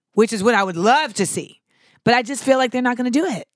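A young woman hosting a podcast, chatting casually and comically, swearing freely and breaking into shouts as she acts out scenes. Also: fairly high pitch, fast talker, dry recording, clean studio sound. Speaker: podcast host. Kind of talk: casual comedic monologue.

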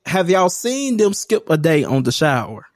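A man co-hosting a casual podcast, playful and expressive. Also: fairly high pitch, normal speed, no room sound, clean studio sound. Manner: playful, expressive, says hey a lot. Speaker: podcast co-host.

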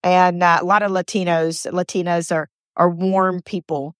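A woman's voice: lowish voice, flat delivery, moderate pace, dry recording, studio quality. A woman hosting a motivational podcast, telling personal stories in an earnest, chatty way and repeating phrases for emphasis. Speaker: podcast host.

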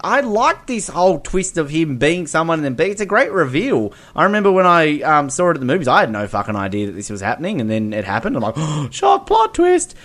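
A man's voice: a little high, animated, fast talker, few pauses, a bit bright. A man co-hosting a casual film review chat, rambling with many ums and slipping into playful impressions. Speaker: podcast co-host.

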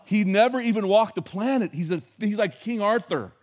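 A man's voice: high voice, moderate pace, darkish tone, lightly acted. A man quoting a laid-back middle-aged skeptic who drawls and keeps calling people bro. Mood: insistent. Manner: drawling, says bro a lot.

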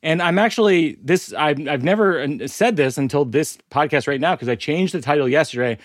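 A man hosts a relaxed podcast conversation, his voice sitting a little higher than most men's. He rambles through his stories and keeps breaking off to restart. The sound is dry, with no room around it. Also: fairly quick, no echo. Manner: rambling, self-interrupting storyteller. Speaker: podcast host. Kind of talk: casual conversational interview.

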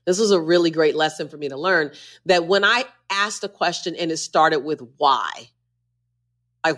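A woman's voice: sits low, normal speed, fairly bright tone. A woman who is a motivational speaker, a guest on a podcast interview, talking with emphatic, preacher-like repetition.

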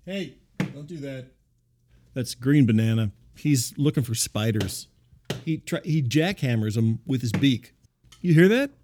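Male radio host, dry deadpan delivery, even middle pitch, calm and reasonable. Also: a little slow, slight background noise. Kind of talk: comedic radio monologue.

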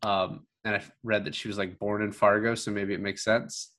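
A man's voice: fairly low pitch, level tone, moderate pace, a bit bright. A man co-hosting a podcast, chatting casually about a film in a rambling way full of filler words. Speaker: podcast co-host.

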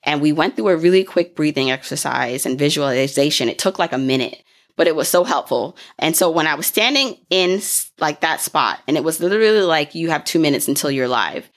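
A young woman telling a personal story in a casual, chatty way, with frequent fillers, restarts and light laughs. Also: low voice. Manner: chatty, fast-paced, fillers and self-corrections, laughs often.

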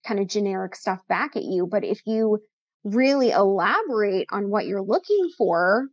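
A woman's voice: medium pitch, animated, moderate pace, no echo, highs cut off. A woman speaking as a guest in a casual interview, chatty, upbeat and a little sassy. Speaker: podcast guest, content coach.

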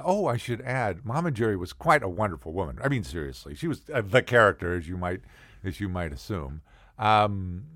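A man's voice: on the low side, a bit bright, no echo, studio quality. A man telling rambling comic stories in a casual monologue, full of digressions. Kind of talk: comedic storytelling monologue.

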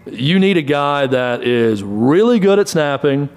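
A man's voice: fairly high pitch, lively intonation, a little mellow, clean tone. Brief: male sports talk host, middle-aged, runs through stats in clipped bursts. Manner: brisk, rattles off stats in short bursts. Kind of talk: college football analysis.

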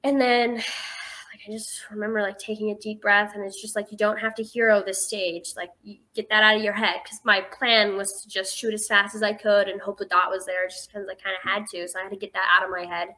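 A woman's voice: medium pitch, level tone, fairly quick, pushed and bright. An eighteen-year-old woman telling a story as a guest in a casual interview, chatty and filling her speech with "like".

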